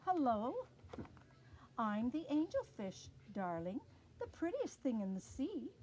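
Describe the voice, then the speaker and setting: Vain female angelfish put on by a woman, self-admiring, fluttery, lively swooping voice, storybook. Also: sits high, takes it slowly, a little hiss or hum, full character voice, low-quality recording.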